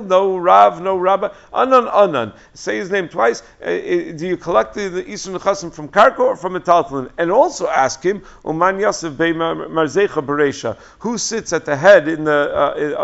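A man teaching a Talmud lesson, telling the story with animated acted-out dialogue and frequent fillers. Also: a little high, vocal fry. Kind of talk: Talmud lecture. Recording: dull lo-fi recording.

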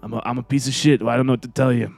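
A man's voice: medium pitch, fairly even intonation, racing, vocal fry, darkish tone, no echo, faint music behind. A man playing a tabletop role-playing game, apologetic and self-deprecating as his character, laughing at himself. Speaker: player voicing a character. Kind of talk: improvised tabletop role-play.

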